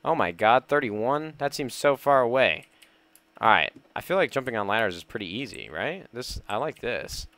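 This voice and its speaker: Excitable man narrating his gameplay. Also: mid-range voice, normal speed, dry recording. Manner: excitable, nervous, talks to himself and viewers. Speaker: gaming YouTuber. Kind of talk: let's play commentary.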